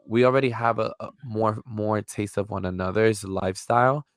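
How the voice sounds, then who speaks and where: A male podcast co-host with a lowish voice, talking in an upbeat, slangy way and giving encouragement. His voice is recorded close and dry, with no room sound. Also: fairly even intonation, moderate pace, no room sound. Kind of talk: casual chat.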